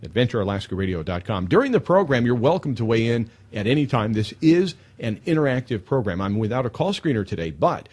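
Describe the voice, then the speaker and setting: A man hosting a live talk radio show, telling stories in an emphatic, animated way into a studio mic. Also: medium pitch, a little fast, hardly any pauses.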